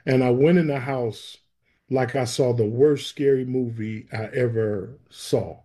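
A man's voice: mid-range voice, fairly even intonation, unhurried, mellow, slightly rough. A man earnestly recounting his faith testimony as an interview guest, bringing the story to life by acting out the dialogue. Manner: vivid storyteller who acts out quoted dialogue; earnest and emotional.

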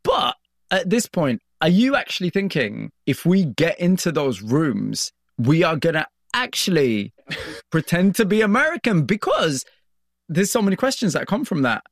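A man's voice: fairly high pitch, very animated, normal speed, no echo. Curious male interviewer, dry studio sound. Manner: engaged, curious questioner. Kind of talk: conversational interview.

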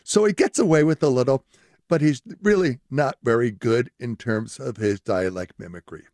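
Older male linguist guest, explanatory, dry studio sound, mid pitch. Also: normal speed, darkish tone, no room sound. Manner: explanatory, laughs often. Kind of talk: radio interview.

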